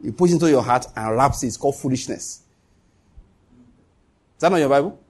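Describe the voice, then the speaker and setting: A man's voice: medium pitch, brisk, darkish tone, husky. A man preaching a sermon as pastor, emphatic, repeating key lines and dropping joking asides.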